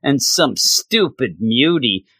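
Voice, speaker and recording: A man's voice: medium pitch, sing-song, slow, pushed and bright, slightly rough, dry recording. A man reviewing a comic book in a casual, sarcastic, exasperated way, often acting out the characters.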